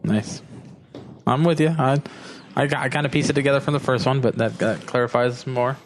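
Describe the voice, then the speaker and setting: A man's voice: mid-range voice, steady tone, normal speed. A young man co-hosting a podcast, chatting casually and rambling, laughing often. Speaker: podcast co-host. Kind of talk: casual chat.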